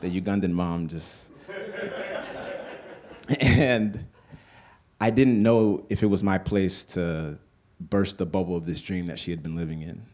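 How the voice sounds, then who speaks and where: Brief: deep male storyteller, stage anecdote, loose and conversational. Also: normal speed, a little mellow. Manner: conversational, full of "like" fillers. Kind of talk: live comedic storytelling.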